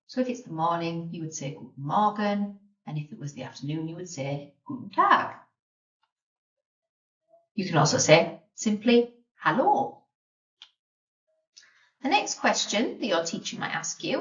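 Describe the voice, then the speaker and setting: A woman teaches a beginner language lesson, patient and clear, slowing down to model each word. Her voice moves lively up and down. The sound is roomy, a little distant and dull. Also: on the low side. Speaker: German teacher.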